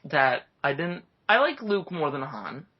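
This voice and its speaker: A young man chatting casually while reviewing a movie, excitable and often acting out scenes. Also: fairly high pitch, a little slow. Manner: excitable, acts out movie lines. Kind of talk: casual chat. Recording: dull lo-fi recording.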